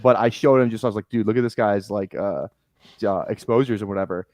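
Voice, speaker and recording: Brief: young male streamer, quick rambling chat, dry close mic. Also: on the low side, a little mellow, no room sound. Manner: rambling, filler-heavy storytelling with frequent restarts. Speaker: fantasy football streamer host. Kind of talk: casual chat while drafting.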